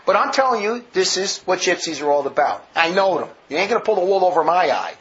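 A man's voice: high-pitched, big pitch swings, quick pace, a bit bright. A man preaching a sermon full of stories, vehement and rambling, with many restarts, on a dull lo-fi recording.

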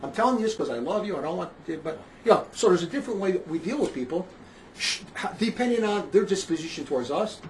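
A man from northern New Jersey, a street preacher, talking in a rambling, emphatic monologue that keeps repeating itself and swells into loud outbursts. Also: high voice, animated, fast talker, slight background noise, rough recording. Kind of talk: casual spoken monologue.

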